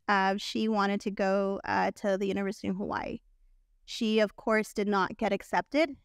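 A woman's voice: medium pitch, clear, resonant tone, no room sound, studio quality. A woman in her forties, a guest on a podcast, telling a personal story in an earnest, chatty way. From Texas. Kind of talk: casual interview.

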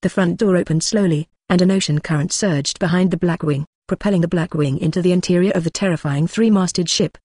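A text-to-speech voice narrating a web novel audiobook in a flat, even way. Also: mid-range voice, fairly quick, few pauses.

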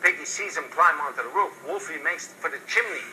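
A man doing a deadpan comic storybook reading as a TV guest, with halting, clipped phrasing and odd stresses. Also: fairly high pitch. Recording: loud noisy TV capture.

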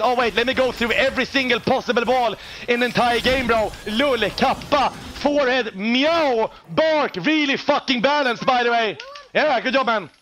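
A young man streaming a game live, excitable and sweary, often bursting into shouts. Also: very high-pitched, slight background noise. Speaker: gaming streamer.

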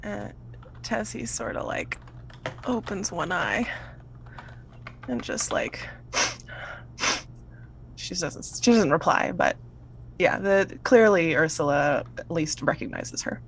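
A woman's voice: lowish voice, lively intonation, takes it slowly, creaky, pauses often, slight background noise. A woman narrating casually as game master of a tabletop game, describing scenes with easy fillers.

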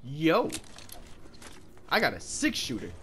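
A man's voice: on the high side, wildly swooping pitch, slow pace, slight background noise. A man in his twenties rambling and cursing while commenting on his gameplay. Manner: rambling, swears often, loud outbursts at the game. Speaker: gaming streamer.

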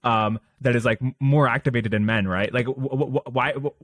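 A man's voice: medium pitch, steady tone, a little fast, a bit bright, dry recording. A young man hosting a podcast, asking long questions with many restarts and fillers. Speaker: podcast host. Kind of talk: casual interview.

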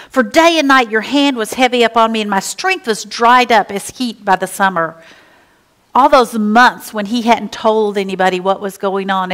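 A woman pastor preaching a conversational sermon, moving between animated asides and hushed, quiet passages. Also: mid-range voice.

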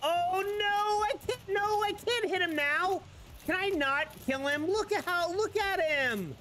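A woman's voice: very high voice, measured pace, fairly bright tone, slight background noise. A woman giving casual commentary while playing a game, reacting aloud with emotion and apologizing. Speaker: gamer.

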